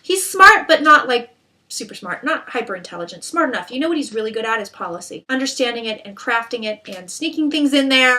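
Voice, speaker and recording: A woman's voice: fairly high pitch, expressive, brisk, bright, forceful tone. A woman reading tarot cards in a casual monologue, blunt and irreverent, with frequent fillers and restarts. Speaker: psychic tarot reader.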